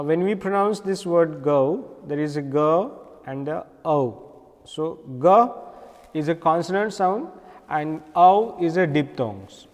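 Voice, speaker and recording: A man with an Indian accent gives a classroom lecture in a fairly high voice. He explains patiently, repeating key words and pausing often with fillers. His voice carries a long reverb. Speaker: English teacher.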